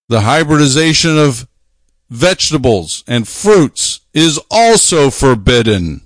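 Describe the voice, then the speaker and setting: A male preacher delivers a sermon in a medium-pitched voice. He talks emphatically, repeats phrases and slows down to stress his points. The sound is dry and close. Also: big pitch swings, dry recording.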